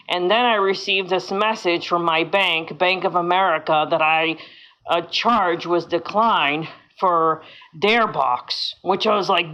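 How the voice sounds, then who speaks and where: A woman's voice: fairly low pitch, unhurried, bright, forceful tone. A woman vlogging casually from a hotel room, rambling with many fillers and sounding frustrated. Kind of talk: casual vlog monologue. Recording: dull lo-fi sound.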